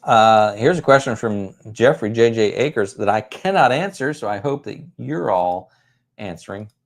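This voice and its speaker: Man, middle-aged, livestream host, casual rambling chat, frequent chuckles, slightly low pitch. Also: expressive, normal speed, gravelly. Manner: rambling, chuckles often, self-deprecating humor. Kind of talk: casual livestream chat answering viewer comments.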